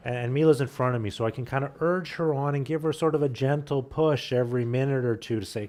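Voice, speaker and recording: A man's voice: mid-range voice, a little fast, few pauses, a little mellow. A man, a pastor, preaching by telling a family hiking story in a conversational way, often restarting with repeated words. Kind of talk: sermon storytelling. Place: church.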